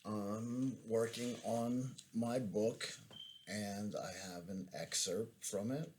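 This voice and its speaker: Slow, low-voiced man reading his memoir. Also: fairly even intonation, a little mellow, slight background noise. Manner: slow, measured storytelling.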